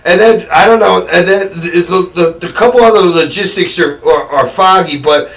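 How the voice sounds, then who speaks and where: A man's voice: sits high, moderate pace, creaky, a bit bright. A man telling a rambling, profane story with lots of laughter in a casual interview.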